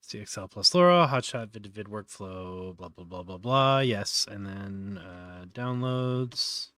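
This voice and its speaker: A man's voice: lowish voice, animated, moderate pace, a bit bright, dry recording, studio quality. Man thinking aloud through a tutorial. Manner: thinking aloud with many fillers and trailing restarts. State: yawning often. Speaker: live-stream host. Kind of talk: live-stream software tutorial, casual.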